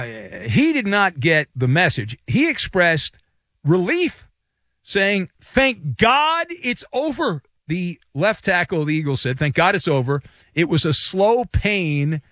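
A man's voice: fairly high pitch, no echo. A man hosting sports radio, giving a sarcastic, joking monologue from the studio. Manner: sarcastic, joking, lively delivery.

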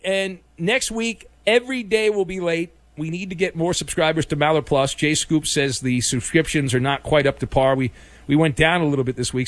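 A man's voice: medium pitch, no room sound. A man hosting a call-in radio show, wisecracking through listener mail and calls. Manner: wisecracking, jumps to shouting. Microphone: studio microphone.

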